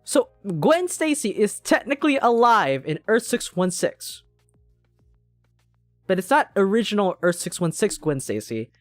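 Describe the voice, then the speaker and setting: A game streamer chatting casually while playing, rambling through tangents and swearing freely. The voice rises and falls in lively swings. It sits dry and close to the mic, with faint game music behind. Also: medium pitch, a little slow, no echo. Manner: rambling, profane, self-interrupting.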